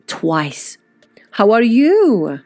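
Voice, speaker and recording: A woman's voice: on the high side, huge pitch swings, extremely slow, darkish tone, faint music behind, pitched above the performer's own voice, full character voice. A woman voicing a flirtatious rich middle-aged woman with a Russian accent and a gushing, dramatic manner.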